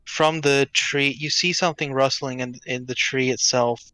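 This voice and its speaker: A man's voice: medium pitch, steady tone, normal speed, pushed and bright, no room sound. A man narrating a tabletop game as game master, describing scenes with some hesitant fillers.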